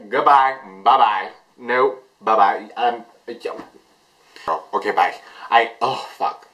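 Bright, gushing young man vlogger. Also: mid-range voice, moderate pace, poor audio. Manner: gushing, excitable, shrieks in delight. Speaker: reaction video host. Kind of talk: casual reaction vlog.

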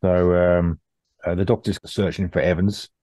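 A man's voice: sits low, flat delivery, normal speed, mellow, dry recording, studio quality. A man co-hosting a podcast, recapping an episode in a laid-back, chatty way with fillers and laughs. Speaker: podcast co-host. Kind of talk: casual chat recapping an episode.

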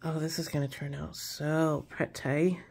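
A woman chatting casually while she crafts, relaxed and rambling with many fillers. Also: low-pitched, a little slow, creaky, slightly rough. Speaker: craft vlogger.

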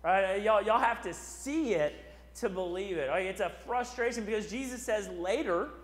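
A man preaching a sermon as pastor, in a conversational style full of "right?" asides. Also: high voice. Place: church sanctuary. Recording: echoey church hall.

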